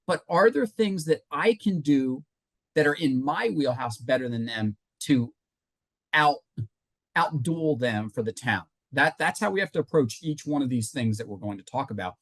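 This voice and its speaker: A man's voice: mid-range voice, animated, normal speed, dry recording. A man presenting a business workshop in a conversational, emphatic way, talking to a live audience and reacting to comments. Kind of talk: live webinar teaching.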